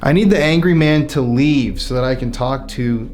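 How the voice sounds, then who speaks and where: A man's voice: medium pitch, normal speed, darkish tone, echoey room, soft background music. A man investigating the paranormal, confronting and taunting a ghost, swearing now and then. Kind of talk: provoking a ghost during an investigation. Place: inside an old historic building at night.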